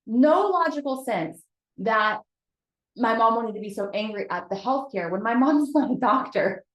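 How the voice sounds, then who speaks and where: Candid woman talking in a roomy space. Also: mid-range voice. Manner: candid, chatty, addresses viewers as "you guys". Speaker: host of a weekly motivational live video. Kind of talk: casual motivational talk to a live audience. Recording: roomy echo.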